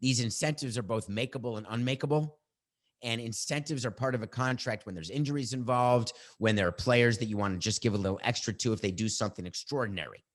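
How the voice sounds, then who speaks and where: A man's voice: medium pitch, quick pace. Middle-aged guy ranting on his sports podcast, fired up and teasing his producer. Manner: animated, combative, bantering with his producer. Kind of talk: opinionated sports talk.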